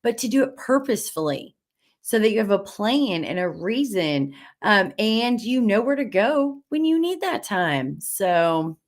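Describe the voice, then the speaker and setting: A woman's voice: medium pitch, big pitch swings, a little slow. A woman hosting a live stream, chatting and reading viewer comments in an upbeat, encouraging, gushing way. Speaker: host of a live stream for women Jeep owners. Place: studio.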